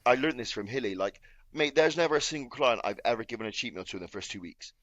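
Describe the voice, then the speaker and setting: A young man talks earnestly about coaching in a casual podcast chat, filling his sentences with "like". His voice is mid-pitched and ordinary. The recording is close and dry, with no room sound. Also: expressive, fast, a bit bright, no room sound, muffled recording. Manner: earnest and explanatory, with many "like" fillers. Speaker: bodybuilding coach and podcast co-host.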